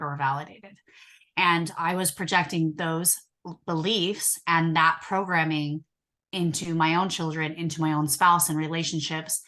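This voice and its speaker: Woman healer chatting, earnest and emotional, bright tense voice, slows down on the big words. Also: sits low. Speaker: hypnotherapist and inner child healer. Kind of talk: casual conversational podcast.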